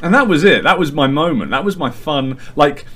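Animated man telling a story. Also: fairly high pitch, a little fast, slightly rough. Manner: animated storyteller, acts out friends' lines. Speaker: podcast guest. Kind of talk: casual anecdote telling.

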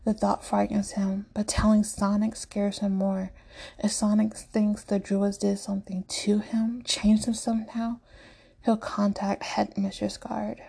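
A woman reading a story aloud in a hushed, often half-whispered delivery. Her voice is heavily gravelly, dark and husky. She keeps the tone flat and even throughout. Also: medium pitch, measured pace. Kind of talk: story narration.

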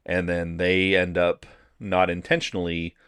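A man co-hosting a casual movie review chat, relaxed and often repeating words as he thinks. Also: low voice, unhurried, clean tone, dry recording, clean studio sound. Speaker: podcast co-host.

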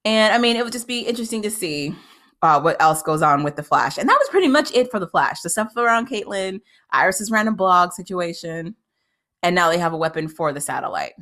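A woman with a slightly low-pitched speaking voice talks through a TV episode in a casual, opinionated recap. She is frank and critical, peppers her talk with "like" and quick restarts, and her voice leaps upward whenever something exasperates her. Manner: animated, with sudden jumps up in pitch when exasperated.

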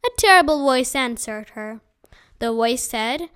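A woman reading a children's book aloud as a storyteller, gentle and unhurried. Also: sits high, expressive, clean tone.

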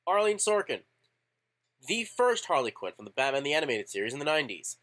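A man co-hosting a podcast in casual chat, animated and opinionated, swearing offhand. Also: on the high side, brisk. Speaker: podcast co-host.

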